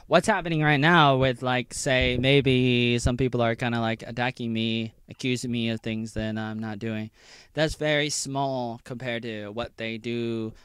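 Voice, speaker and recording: Man, rambling solo vlogger, mid pitch, dry close mic. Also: fairly bright tone, clean tone, dry recording. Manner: rambling, jumps between mocking squeals and low muttering. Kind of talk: rambling monologue vlog.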